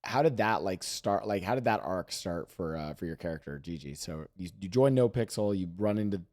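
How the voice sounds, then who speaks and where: A man hosting a podcast, asking halting questions in loose casual chat, with some swearing. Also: deep voice, lively intonation, a little mellow. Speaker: podcast host.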